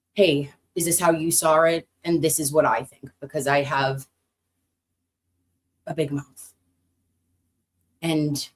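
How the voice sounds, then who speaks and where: An American woman streaming casually to her chat, animated, cursing freely, and swinging up high when excited. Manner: animated, swearing, talks to chat.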